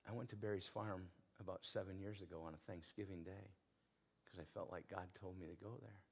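Man, pastor, sermon, earnest storytelling, low-pitched, raspy. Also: steady tone, a little fast. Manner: repeats phrases for emphasis.

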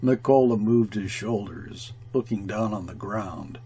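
A man reading a classic short story aloud as narrator, measured and deliberate. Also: lowish voice, big pitch swings, darkish tone, husky. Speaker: audiobook reader. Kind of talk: literary narration.

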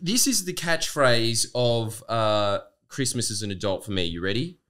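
A man's voice: on the low side, expressive, normal speed, a bit bright, clear, resonant tone. Dry, blunt man chatting. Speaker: podcast co-host. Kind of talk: casual chat.

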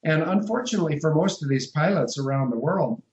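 A man's voice: fairly high pitch, expressive, brisk, a little mellow, roomy sound, dull audio. A man giving a discursive, emphatic interview, spelling out letters and numbers as he explains. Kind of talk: phone-in radio interview.

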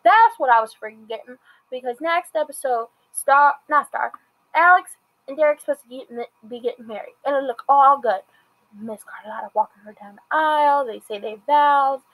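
A chatty woman reviews a TV episode, her voice sitting a little high. She retells scenes by acting out bits of dialogue, loose and conversational throughout. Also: moderate pace, a bit bright, low-quality recording. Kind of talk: casual recap and commentary.

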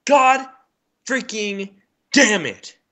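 A young man talks over his game at his computer, his voice lively and swinging widely in pitch, with a bright, forceful edge. He rages, swears and shouts at his teammates. Keyboard and mouse clicks tap along behind him. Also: extremely slow, a little hiss or hum. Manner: excitable, swearing, rages and shouts at other players. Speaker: gaming YouTuber. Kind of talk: gameplay commentary. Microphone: headphones on, desk mic.

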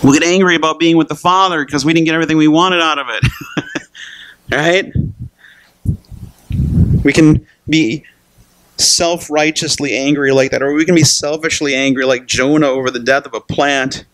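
A man's voice: a little high, steady tone, normal speed, pauses often, fairly bright tone, dry recording. Conversational man preaching a sermon. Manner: conversational preaching with frequent rhetorical "right?"; acts out Bible characters in quoted voices. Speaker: pastor.

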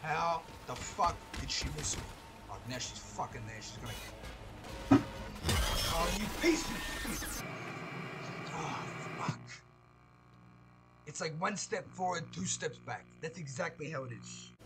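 A man commentating live on his gameplay, excitable and swearing, breaking into loud shouts and tossing out mock tough-guy mobster slang. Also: on the high side, measured pace, pauses often, over loud music. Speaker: let's play host.

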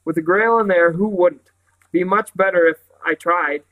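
A man reading aloud, voicing an eager, excited young boy, the youngest of three siblings. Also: high voice, normal speed, phone-quality sound, lightly acted. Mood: persuasive. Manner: eager, indignant, persuasive.

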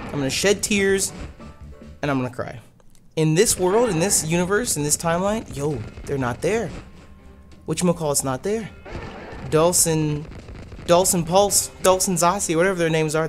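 A man hosting a let's play, giving casual gameplay commentary in an animated, exasperated way and swearing freely. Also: a little high.

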